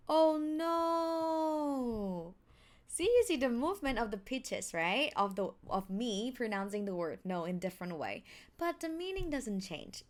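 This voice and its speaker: Slow-paced Thai-accented woman teaching. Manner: demonstrates sounds with big pitch swings. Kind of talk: pronunciation lesson.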